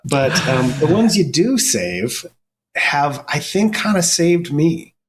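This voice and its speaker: A middle-aged man, a firefighter and paramedic, telling stories in a casual interview, earnest and halting with frequent restarts. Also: fairly high pitch, very animated, background noise.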